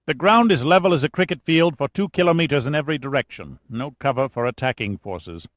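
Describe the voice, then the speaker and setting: A man's voice: mid-range voice, lively intonation, normal speed, a bit bright, dry recording, lightly acted. A man voicing a formal, resolute British officer in a clipped, proper manner.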